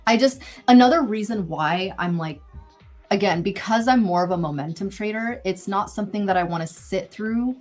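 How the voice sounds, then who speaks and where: A woman with a mid-range voice hosts a live trading stream, thinking aloud about the market at normal speed in a chatty, easygoing way. Soft music plays in the background of this casual trading commentary.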